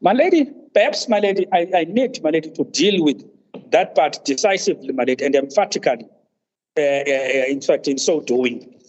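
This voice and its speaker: A man, counsel at a tribunal, making a formal legal argument, deferential and halting, saying "my lady" at almost every turn. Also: a little high, animated, darkish tone. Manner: deferential, says "my lady" constantly, halting restarts. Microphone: video call. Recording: muffled video-call audio.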